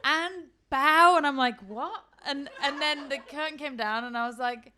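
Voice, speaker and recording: A young adult woman from the Isle of Man, a guest in a casual chat, telling lively stories and mimicking the people in them. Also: high-pitched, moderate pace, a little hiss or hum. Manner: lively storyteller, mimics family and crew in quotes.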